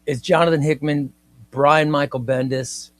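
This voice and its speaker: A man hosting a casual live comics stream, chatting with viewers and reading their comments in a playful, excitable way. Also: a little high, unhurried, no room sound.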